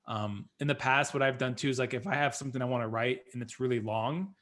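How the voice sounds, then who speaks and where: A man's voice: mid-range voice, fairly even intonation, fast talker, a bit bright. A man hosting a podcast interview, talking casually with lots of "like" and "you know". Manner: chatty, filler-heavy with lots of "like". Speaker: podcast host.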